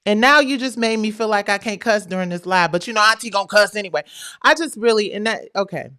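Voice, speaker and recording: A middle-aged woman hosting a livestream, talking in a casual, animated, slangy way. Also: mid-range voice, fast, smooth. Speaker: livestream host.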